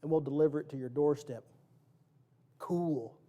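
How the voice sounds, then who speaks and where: A man's voice: a little high, moderate pace, mellow, highs cut off. A man preaching a sermon in a church, casual and joking, quizzing the congregation and acting out quotes. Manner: acts out quotes and sound effects. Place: church sanctuary.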